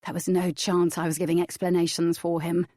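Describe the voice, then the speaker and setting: A woman narrating an audiobook in the first person, with steady, even storytelling. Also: on the low side, a little fast, no room sound, studio quality.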